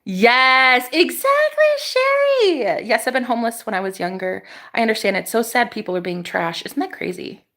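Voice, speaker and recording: Young woman streamer roasting her chat, bright kinda high voice, sarcastic, swears a lot, laughs between digs. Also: brisk, few pauses. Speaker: livestreamer. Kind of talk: casual livestream rant to chat.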